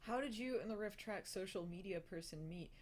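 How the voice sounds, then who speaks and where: A woman's voice: medium pitch, fairly quick. A young adult woman hosting a casual live stream, answering viewer questions with frequent laughs, fillers and restarts. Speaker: host of a live hangout.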